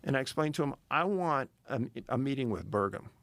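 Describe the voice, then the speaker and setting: A man's voice: mid-range voice, expressive, brisk, vocal fry, fairly bright tone, dry recording. A middle-aged man telling a story in a casual interview, emphatic and building tension. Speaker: podcast guest, missing-persons researcher.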